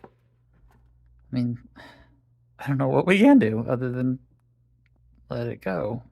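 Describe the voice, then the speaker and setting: A man helping out at home, answering calmly and briefly. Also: slow, creaky, dry recording, clean studio sound. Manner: calm, low-key, brief replies. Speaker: co-host, partner helping out. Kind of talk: casual chat.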